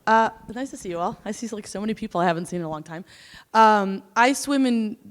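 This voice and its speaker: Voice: mid-range voice, fast, in a large hall. A panel speaker at a conference who talks about school crisis response in a casual, conversational way, often tagging sentences with "right?". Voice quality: casual, conversational, frequent "right?" tag questions.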